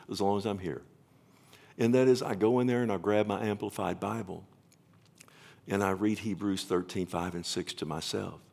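A man in his fifties preaching a sermon, rambling with restarts, then building to loud, emotional proclamation and pleading. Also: lowish voice, creaky. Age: 50s. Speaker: pastor. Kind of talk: sermon with altar call.

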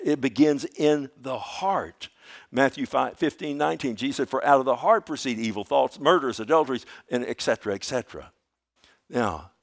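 Pastor, male, animated sermon delivery with rhetorical questions, sanctuary sound. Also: mid-range voice. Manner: dynamic, shifts between loud emphasis and quiet.

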